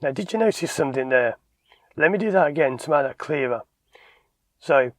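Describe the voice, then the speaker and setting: A man's voice: a little high, lively intonation, normal speed, pauses often, no room sound. A man, a driving instructor giving a tips video, talking emphatically and acting out short bits of dialogue. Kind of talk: direct-to-camera instructional talk.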